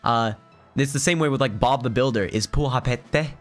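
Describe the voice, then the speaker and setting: A hoarse man from Finland giving chatty, rambling gameplay commentary and laughing often. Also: medium pitch, moderate pace, faint music behind. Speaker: let's play host.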